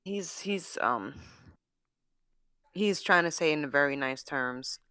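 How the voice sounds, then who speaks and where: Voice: mid-range voice, animated, slow, pushed and bright, clear, resonant tone, no echo, studio quality. A sports podcast co-host talking football in a blunt, profane, casual way. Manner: blunt and profane, acts out players' imagined thoughts.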